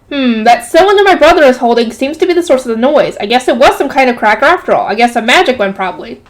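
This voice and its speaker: A woman reading a light novel aloud, stopping often to add casual jokey comments. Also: sits high. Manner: breaks off to comment and joke. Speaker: reader.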